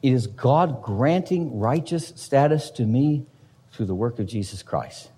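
A man's voice: mid-range voice, animated, a little slow, mellow, breathy edge, long reverb tail. A man preaching a sermon as pastor, emphatic, with rhetorical questions to the congregation.

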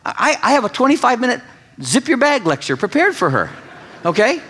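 Animated male preacher. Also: fairly quick, husky. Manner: animated storytelling with wide swings in pitch and loudness. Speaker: pastor. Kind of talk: sermon.

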